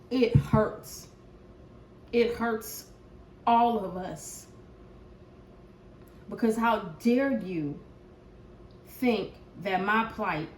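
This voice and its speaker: A woman giving a tarot collective reading as an impassioned, profane rant. She swings from loud outbursts to hushed prayer. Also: mid-range voice, echoey room, a little hiss or hum, low-quality recording. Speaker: tarot reader.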